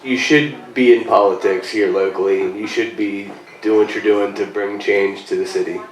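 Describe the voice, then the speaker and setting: A man's voice: fairly low pitch, fairly even intonation, moderate pace, far from the mic. Man speaking from off mic, echoey. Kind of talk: casual live podcast chat.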